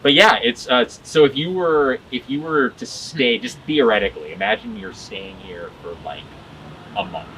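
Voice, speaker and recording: A man's voice: medium pitch, big pitch swings, normal speed, creaky, bright, forceful tone, distant mic, a little hiss or hum, rough recording. A man hosting an interview, asking long, winding questions in a casual way. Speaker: interviewer, podcast host.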